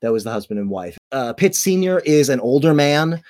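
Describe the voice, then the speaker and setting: A man's voice: mid-range voice, big pitch swings, a little fast, a little mellow, no echo. Chatty playful guy as game master, dry close sound. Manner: playful, chatty, laughs often. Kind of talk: narrating a tabletop game.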